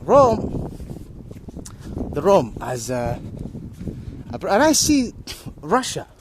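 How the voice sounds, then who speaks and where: A man rambling in a monologue while he walks outdoors, repeating himself and laughing to himself, with loud wind hitting the mic. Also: on the high side, wildly swooping pitch, extremely slow. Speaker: vlogger. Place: outdoors, walking in strong wind.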